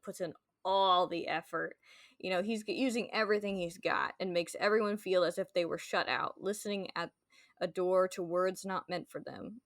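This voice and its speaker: A woman's voice: lowish voice, no room sound, studio quality. A woman hosting a podcast, chatting casually about a book and reading passages aloud, with many filler words. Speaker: podcast host.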